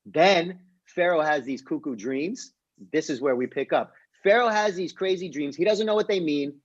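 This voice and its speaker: A young man, a rabbi, teaching a casual online class and retelling a story in a joking, lively way. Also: on the high side, normal speed, highs cut off. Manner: lively, jokey retelling with voiced characters. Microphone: video call.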